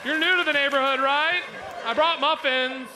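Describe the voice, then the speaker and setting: A man's voice: extremely high pitch, steady tone, moderate pace, a loud crowd, voice pushed up. A man voicing a cheery, overly polite carrot who acts like a friendly neighbor, in a live stage recording with audience noise. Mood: sweet. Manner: sweet, cheery, courteous.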